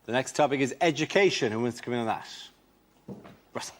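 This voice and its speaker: Brisk male game show host. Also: medium pitch, animated. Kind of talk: quiz show hosting.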